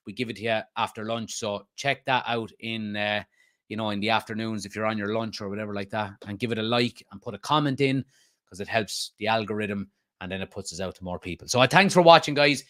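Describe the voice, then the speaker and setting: A man's voice: on the low side, fairly quick, a bit bright. A man hosting a football fan channel, chatting casually about club news, rambling with frequent restarts.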